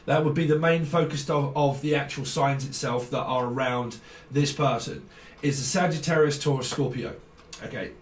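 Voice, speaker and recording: A man's voice: mid-range voice, moderate pace. Sweary man ranting through a tarot reading. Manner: swearing, ranting, laughing often. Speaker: tarot reader. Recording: roomy, distant from mic, faint background noise.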